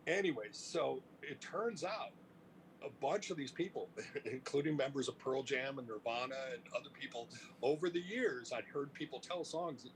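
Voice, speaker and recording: A middle-aged man from Cleveland, telling stories in a casual interview, animated and profane, laughing as he talks. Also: mid-range voice, slight background noise, low-quality recording. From Cleveland, United States. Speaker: interview guest, music industry veteran.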